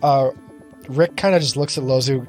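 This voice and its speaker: A man's voice: mid-range voice, moderate pace, darkish tone, soft background music. Casual man describing his game moves. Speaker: player. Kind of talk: tabletop game play.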